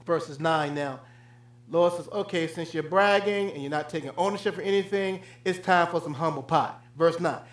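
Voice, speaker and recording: High-voiced preaching man in an echoey room. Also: moderate pace. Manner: swings from loud high preaching to low hushed tones. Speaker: pastor. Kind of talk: sermon.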